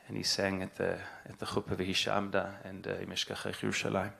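A middle-aged man, a rabbi, giving an earnest, halting spoken address and repeating phrases for emphasis. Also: sits low, monotone, creaky, fairly bright tone.

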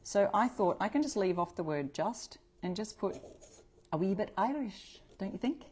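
A woman's voice: medium pitch, lively intonation, normal speed, background noise. A woman hosting a live upcycling stream from home, chatting to viewers, reading out their comments and correcting herself as she works. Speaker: craft livestream host. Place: home craft space.

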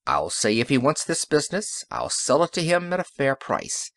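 A man voicing a calm, confident inventor in an audiobook, speaking briskly and matter-of-factly. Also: mid-range voice, dry recording, studio quality. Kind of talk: audiobook character reading.

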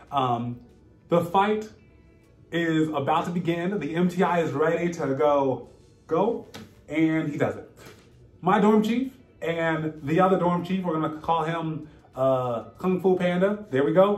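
A somewhat high-voiced man tells a story in a lively vlog, laughing as he goes and slipping into the voices of the people in it. His voice rings in a roomy space, with faint music underneath. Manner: animated, laughing, acts out quotes. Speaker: vlogger.

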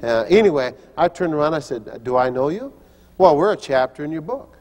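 A man's voice: a little high, expressive, brisk, a little mellow, long reverb tail, slight background noise. An older man preaching a sermon, telling personal stories and acting out the voices he quotes, often restarting his phrases. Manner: storytelling, acts out quoted voices, frequent restarts. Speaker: pastor and teacher.

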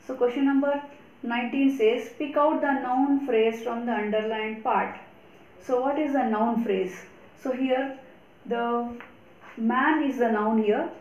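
A woman with a slightly high voice works through grammar exercises as a teacher, spelling out and repeating each answer with careful emphasis. The recording has a roomy echo around her. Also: a little mellow, highs cut off. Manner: slow, deliberate explanations with repetition. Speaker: English teacher. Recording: echoey room.

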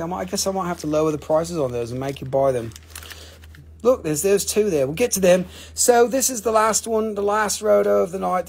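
High gravelly-voiced man selling rocks live. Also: a little mellow. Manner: joking, playful salesman patter. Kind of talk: casual live-stream sales chat.

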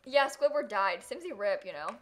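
A woman's voice: medium pitch, lively intonation, moderate pace, background noise. A young woman streaming a life-sim game, chatting casually, gushing and giggling over her pets and thanking viewers. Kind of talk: casual livestream gameplay chat.

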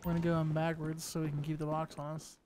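A high-pitched man talks through his game roleplay in a loose, joking way, switching between lines in character and asides to his viewers. Faint background sound sits under his voice. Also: completely flat delivery, fast talker, a little mellow, slight background noise. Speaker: roleplayer playing an arms dealer. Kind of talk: casual gameplay commentary and in-character talk.

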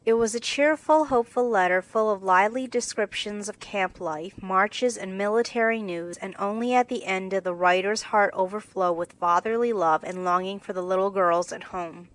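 A woman narrating a classic novel in a steady, clear scripted reading. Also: medium pitch, moderate pace, few pauses, poor audio. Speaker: audiobook narrator.

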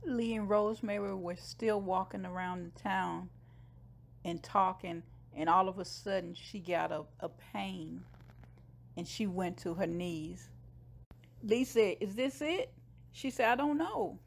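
A woman's voice: fairly low pitch, steady tone, unhurried, vocal fry. A woman casually retelling a TV episode scene by scene, briefly voicing the characters' lines. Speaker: show recapper.

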